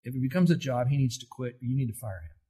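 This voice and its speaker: A middle-aged man, a pastor preaching a sermon in an earnest way, whose voice climbs higher and louder when he quotes scripture. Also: lively intonation, fast, slightly rough, poor audio. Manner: earnest, rises in pitch and force when quoting scripture.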